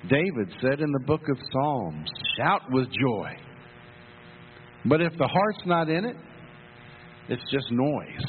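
A man's voice: medium pitch, expressive, a little slow. A man preaching a sermon as pastor, telling a story with emphatic repetitions. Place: church sanctuary. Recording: phone-like sound in a reverberant hall, faint hum.

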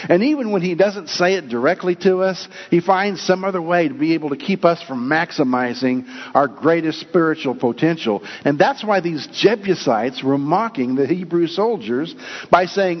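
A male pastor delivers a sermon in an earnest, storytelling way, often stumbling and restarting his phrases. His voice sits somewhat high for a man. The recording is dull and lo-fi, with a long reverb tail from a large hall.

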